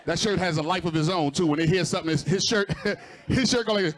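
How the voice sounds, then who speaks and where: A man's voice: high-pitched, quick pace, slight background noise. A man doing stand-up crowd work before a live audience, teasing people and laughing at his own jokes. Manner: teasing, laughing, talking straight to audience members. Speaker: stand-up comedian.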